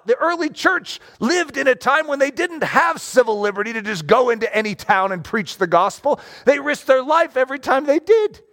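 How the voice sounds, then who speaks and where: Male pastor, sermon; high voice that swings widely, casual and animated, keeps asking "okay?". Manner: animated, conversational, checks in with "okay?".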